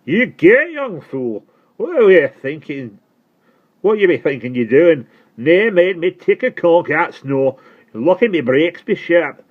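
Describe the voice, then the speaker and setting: A man's voice: on the high side, sing-song, unhurried, voice pushed up. A man voicing a shaken, scolding male rural postman with a Dorset accent, recorded with a narrow phone-like sound. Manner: scolding, clipped rustic speech.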